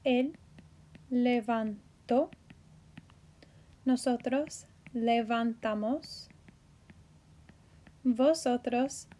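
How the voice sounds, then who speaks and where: High-voiced woman teaching slowly. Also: dark tone. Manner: playful, self-correcting, jokey asides; slow, careful spelling out of endings. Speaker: Spanish teacher. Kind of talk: recorded grammar lesson.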